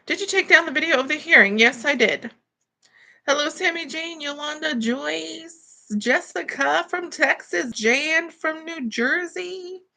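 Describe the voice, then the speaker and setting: A woman's voice: high voice, a little slow, vocal fry, pushed and bright. Chatty woman hosting a home livestream. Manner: chatty and apologetic, greets viewers by name. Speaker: livestream host. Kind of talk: casual livestream chat. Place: home bedroom, at a computer. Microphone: computer mic.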